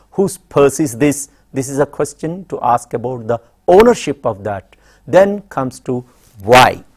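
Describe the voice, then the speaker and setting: A middle-aged man with an Indian English accent and a mid-range voice teaches grammar in a classroom. He works slowly and deliberately, repeating example questions and their answers.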